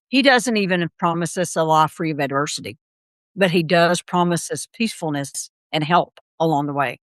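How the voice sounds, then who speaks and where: A woman's voice: fairly low pitch, no room sound. A middle-aged woman, a podcast guest, telling her story in an interview and acting out the voices of the people in it. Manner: animated storyteller, acts out quoted voices.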